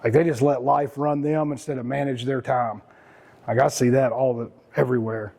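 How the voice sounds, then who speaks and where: A man's voice: medium pitch, fairly even intonation, moderate pace, creaky, a little mellow. A man, hosting and talking casually to a small group, rambling and self-mocking with some cursing and sarcastic mock voices. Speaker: host.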